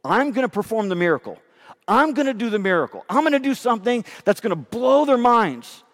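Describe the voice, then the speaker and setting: Man playing a bold, excited male god, high lively voice, big reverb. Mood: eager. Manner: excited, emphatic, quickening. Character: bold reassuring male deity, boastful and eager.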